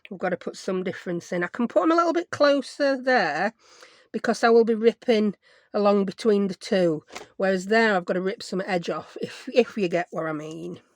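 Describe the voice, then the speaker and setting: A woman's voice: mid-range voice, normal speed, no echo, studio quality. Rambling woman, craft vlogger, self-mocking home chatter. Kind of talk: casual chat while crafting.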